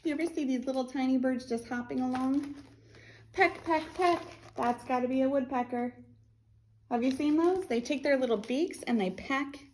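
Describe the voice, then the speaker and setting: A woman's voice: high-pitched, fairly even intonation, a little fast, mellow, slight background noise. An American woman working as a children's librarian, reading a picture book aloud and acting out animal sounds in a playful way.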